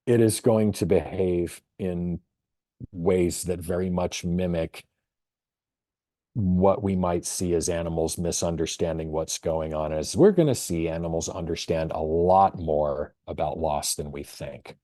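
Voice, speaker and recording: A man, a veterinarian, presenting a professional webinar in a thoughtful storytelling manner with measured pauses. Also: deep voice, warm tone, no echo, studio quality.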